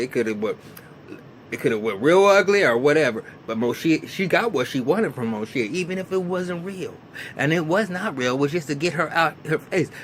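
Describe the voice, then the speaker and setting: A man with a medium-pitched, fairly bright voice rambles through a casual recap of a reality show, repeating words and acting out quotes. He's in a small, hot room under a bright light, and there's a little hiss or hum on the recording.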